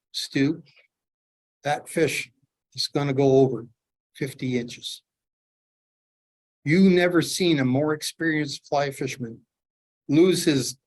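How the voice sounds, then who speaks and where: A middle-aged man from Canada telling lively fishing stories while demonstrating fly tying to a club audience. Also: a little high. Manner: animated storyteller, acts out his own excitement. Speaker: fly tier, presenter.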